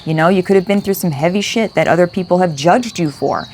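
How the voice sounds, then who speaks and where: Young woman, casual spiritual card reader, low-ish voice, chatty and loose-mouthed, outdoor hiss. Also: quick pace, a little mellow. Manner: chatty, swears, talks to her dog in between.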